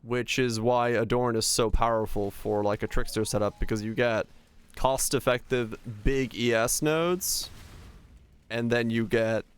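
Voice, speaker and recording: A man's voice: medium pitch, fairly even intonation, a little slow, smooth. A young man streaming a game, chatting casually, answering chat questions and thinking aloud as he plays.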